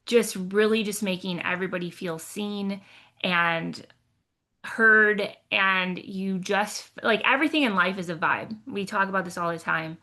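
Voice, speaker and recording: A woman's voice: medium pitch, unhurried, bright, forceful tone. A woman co-host chatting in an upbeat, conversational way. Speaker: podcast co-host. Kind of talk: casual chat.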